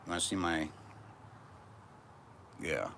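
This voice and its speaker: A man's voice: low-pitched, expressive, takes it slowly, creaky, sharp tone, slight background noise. A man vlogging from a back porch outdoors, talking in a brash, profane, rambling monologue.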